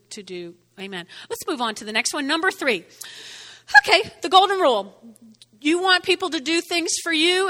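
Animated high-voiced woman preaching. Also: big-room sound. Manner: conversational, keeps asking "okay?". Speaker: pastor. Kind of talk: sermon.

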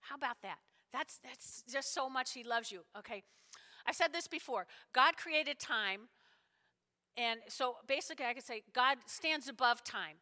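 In a large hall with long reverb, a woman delivers a sermon as an emphatic story, voicing the people in it. Her high-pitched voice is sharp in tone, with lively intonation at normal speed.

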